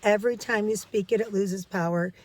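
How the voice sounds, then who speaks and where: A woman's voice: mid-range voice, steady tone, a little fast, noisy background. A middle-aged woman, a recovery coach, giving casual, earnest advice and repeating key phrases for emphasis.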